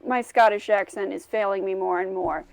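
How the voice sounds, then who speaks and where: A woman's voice: mid-range voice, fairly even intonation, normal speed, creaky, no echo, rough recording. A woman running a tabletop game as game master, dry and self-mocking.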